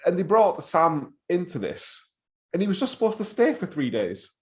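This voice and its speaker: A man's voice: high voice, sing-song, normal speed. A man, co-hosting a casual film review podcast, laid-back and laughing along with wry comments. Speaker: podcast co-host.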